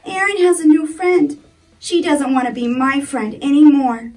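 A woman voicing a tearful little girl in a read-aloud children's story, in a high, pleading child voice. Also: lively intonation, a little slow, a little mellow, recorded from a distance, low-quality recording. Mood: upset. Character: little girl, tearful and upset about friends.

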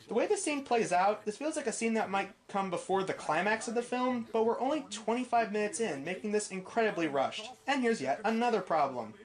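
A woman from New York reviewing a film in snarky, mocking commentary. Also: medium pitch. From New York, USA. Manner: snarky, mocking, growing exasperated. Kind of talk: sarcastic movie review commentary.

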